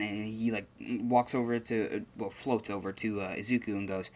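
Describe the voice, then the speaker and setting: A man's voice: on the low side, level tone, normal speed. A young man casually making up and telling a fan-fiction story, rambling with lots of fillers and restarts.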